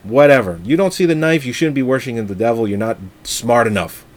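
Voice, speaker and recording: A man's voice: mid-range voice, expressive, fairly quick. A man in casual, profane chat, rambling as he retells a film scene by scene.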